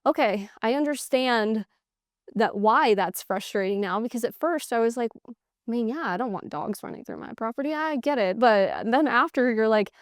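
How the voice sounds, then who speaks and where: Young woman, smooth highish voice, chatty, dry close sound. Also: normal speed, no echo. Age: young adult. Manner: animated storytelling, acts out quoted exchanges, laughs often. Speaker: guest, hunter. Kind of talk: casual interview chat.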